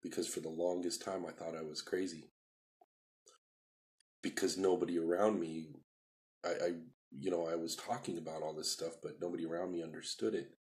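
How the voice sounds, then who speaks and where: Low-voiced man rambling through his life story. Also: flat delivery, normal speed, long pauses, a little mellow. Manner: rambling, repeats himself, acts out quoted dialogue. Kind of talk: casual personal storytelling, live stream.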